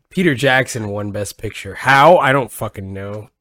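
A man's voice: fairly low pitch, lively intonation, unhurried, a bit bright, dry recording. Man, podcast host, casual chat, laughs a lot, curses freely, dry close sound.

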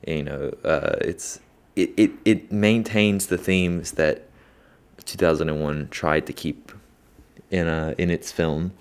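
Deep-voiced man, rambling enthusiastic podcast chat. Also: steady tone, slow, clean tone. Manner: enthusiastic, rambling, with many fillers and restarts. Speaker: podcast host. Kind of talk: casual podcast chat about movies.

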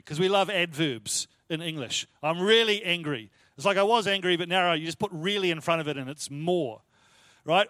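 A man with a noticeably high voice delivers a sermon in a church setting. He talks his congregation through scripture in a loose, conversational way, hammering his points home by repeating them. The sound is dry and close, with no room echo. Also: moderate pace, sharp tone. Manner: expository, conversational, emphatic with repetition. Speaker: pastor.

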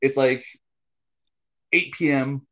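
A man telling a story in casual talk, swearing often and breaking into loud yelled bits. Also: medium pitch, takes it slowly. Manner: animated, swears a lot, bursts of yelling when quoting. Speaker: podcast co-host telling a story.

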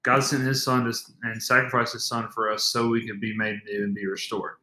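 Bright-voiced earnest young man, echoey room. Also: medium pitch, little pitch movement, fairly quick. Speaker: podcast co-host. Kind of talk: casual faith podcast talk.

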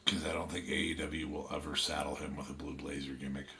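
A man's voice: rumbling low, level tone, fast, vocal fry, bright, forceful tone, a little hiss or hum. A man co-hosting a casual podcast chat, hesitant, with many ums and restarts as he thinks aloud. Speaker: podcast co-host.

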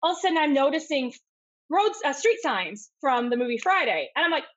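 High-pitched woman, mixed Southern and Michigan accent, fast lively storyteller, muffled call audio. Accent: mix of Southern US and Michigan. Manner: fast-talking, lively, acts out voices in anecdotes. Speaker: guest, community activist. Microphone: video call.

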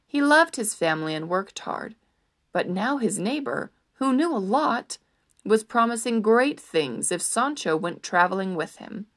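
A woman narrating a storybook in an expressive, animated storytelling manner. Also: mid-range voice, unhurried.

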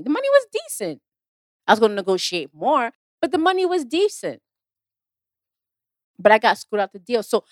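A woman with a somewhat high voice talks through her acting career as casual motivational advice. She is emphatic and repetitive and acts out the exchanges she quotes. The recording is dry, with no room sound. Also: fairly bright tone, no echo. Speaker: actress giving career advice.

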